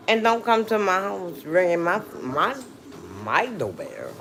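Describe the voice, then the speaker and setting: A woman from New Orleans, Louisiana, chats casually with her livestream viewers in a drawling New Orleans accent, often dropping mm-hmms. Her lowish, fairly bright voice swings hugely in pitch, runs a little slow, and has vocal fry, with slight background noise.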